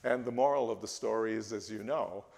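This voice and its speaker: A man giving a talk in a church, speaking haltingly with frequent restarts and fillers. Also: fairly low pitch, vocal fry, darkish tone. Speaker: guest speaker. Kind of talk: church lecture. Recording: reverberant church hall.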